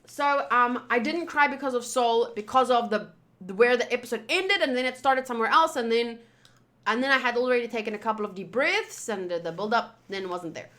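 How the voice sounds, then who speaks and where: A woman's voice: a little high, a little fast, fairly bright tone. A woman streamer talking casually and rambling, swearing freely as she chats to viewers. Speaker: anime reaction streamer. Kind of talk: casual livestream chat.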